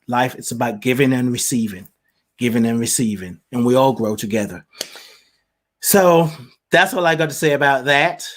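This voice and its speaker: A man hosting a live show in a casual monologue, speaking with a mixed British, Nigerian and Southern US accent. He is chatty and animated and laughs often. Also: medium pitch. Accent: mix of British, Nigerian and Southern US. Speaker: host.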